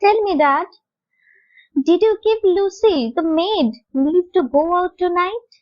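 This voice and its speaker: A woman's voice: extremely high pitch, slow, no room sound, pitched above the performer's own voice. A woman reading a story aloud and voicing an earnest, worried young woman. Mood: concerned. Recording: dull lo-fi recording.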